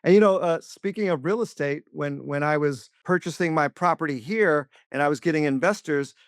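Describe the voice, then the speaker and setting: A man's voice: on the high side, fairly quick, no echo, studio quality. A man co-hosting an interview, telling chatty anecdotes with frequent restarts. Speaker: co-host, attorney. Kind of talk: casual interview talk, storytelling.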